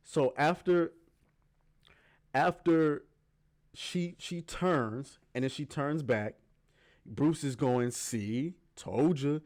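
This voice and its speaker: Guy with a kinda high voice ranting in a reaction video, argumentative, lots of swearing. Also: very slow, long pauses, a little mellow. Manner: argumentative, emphatic, swears often. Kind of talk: heated reaction commentary.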